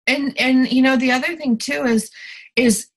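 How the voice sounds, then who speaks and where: A woman's voice: sits high, steady tone, moderate pace, poor audio. Candid middle-aged woman telling stories. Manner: candid storytelling, many fillers and restarts. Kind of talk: podcast conversation.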